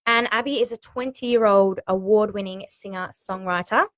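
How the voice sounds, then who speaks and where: A woman's voice: medium pitch, normal speed, fairly bright tone. A woman from Australia co-hosting a radio chat, teasing her co-host and introducing songs. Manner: chatty, teasing interjections. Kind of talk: casual chat.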